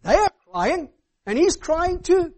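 A man's voice: very high-pitched, very animated, slow pace. Man preaching, tag questions. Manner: emphatic, asks the hearers "all right?" often. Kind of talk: sermon.

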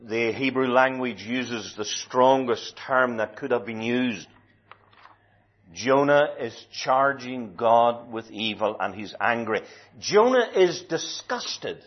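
A man preaching a sermon in a slow, deliberate and emphatic way, stretching key words. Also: medium pitch. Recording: dull lo-fi recording.

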